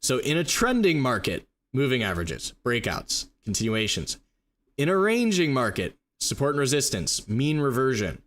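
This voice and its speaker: A man teaching trading live, walking through charts and rapidly acting out a confused trader's thoughts. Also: medium pitch, sing-song, fairly bright tone. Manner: rapid, emphatic explaining with mock inner voices. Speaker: trading educator. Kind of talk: live stream chart walkthrough.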